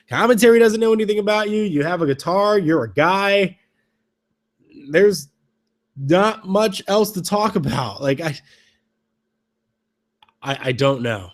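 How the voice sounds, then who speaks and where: A man hosting a podcast, recapping wrestling in a casual, rambling way with halting restarts and wry, mocking asides. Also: fairly high pitch. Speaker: podcast host.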